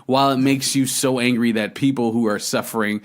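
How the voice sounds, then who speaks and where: A man's voice: mid-range voice, steady tone, fairly quick. A man from Canada co-hosting a podcast, talking in a heated, profane, casual way. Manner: heated, profane, swears freely. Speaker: podcast co-host. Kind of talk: casual chat.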